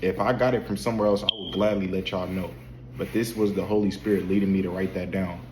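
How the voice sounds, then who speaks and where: A man's voice: low voice, fairly even intonation, fast talker, reverberant, background noise. A man talking casually about faith to camera at home, repeating himself and asking rhetorical questions. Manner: repetitive, preachy, with restarts and rhetorical questions. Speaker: faith vlogger. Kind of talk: casual spiritual talk to camera. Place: home at night, dim room.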